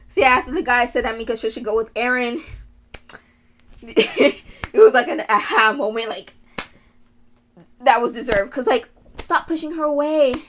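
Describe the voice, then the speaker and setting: Woman, high pitch, rambling anime rant, sighs and laughs a lot, gushing yet exasperated. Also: animated, unhurried, long pauses, a bit bright. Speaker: anime video creator.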